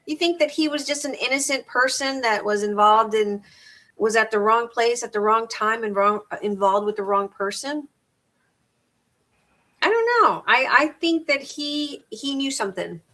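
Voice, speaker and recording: A woman's voice: a little high, lively intonation, moderate pace, bright, forceful tone, poor audio. Middle-aged woman, craft stream host, casual rambling chat, reads out paper sizes. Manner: rambling, repeats and restarts words; reads crafting measurements aloud.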